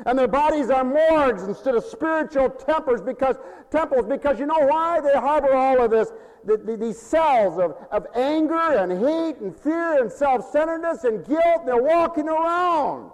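A man preaching a sermon, swinging between loud, drawn-out declaiming and low murmurs, with frequent chuckles. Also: expressive, in a large hall, poor audio.

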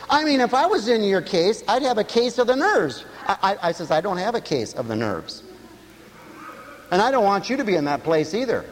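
Male pastor, high lively voice, animated sermon, laughs at his own jokes, reverberant hall. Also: moderate pace, long pauses, slight background noise. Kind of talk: radio sermon.

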